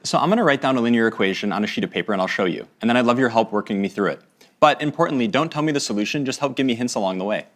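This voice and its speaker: Friendly presenter, man, lively intonation, casual. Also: mid-range voice, very fast. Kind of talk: live product demo.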